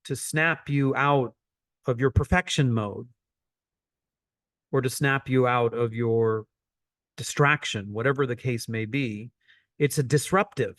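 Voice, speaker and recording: A man's voice: mid-range voice, measured pace, pauses often, a bit bright, no echo, studio quality. A man coaching an online teaching session, repeating phrases for emphasis as he explains.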